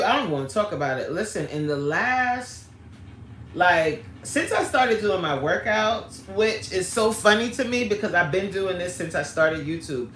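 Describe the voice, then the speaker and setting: A woman's voice: lowish voice, a bit bright. A middle-aged woman coaching on a live stream, chatting casually, greeting viewers by name and laughing easily. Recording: roomy echo.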